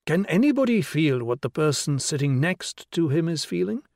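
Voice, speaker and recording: A man's voice: on the high side, sing-song, moderate pace, vocal fry, darkish tone, dry recording, studio quality, voice pushed up. A man reading the part of a patient, playful young male teacher who explains and questions a class of children. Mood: lecturing. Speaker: schoolteacher. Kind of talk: audiobook character reading.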